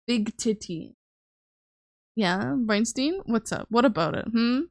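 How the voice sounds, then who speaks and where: A woman's voice: a little high, expressive, slow pace, no room sound, clean studio sound. A young woman, chatting casually and teasingly with her viewers on a live stream while she draws, swearing freely. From Canada.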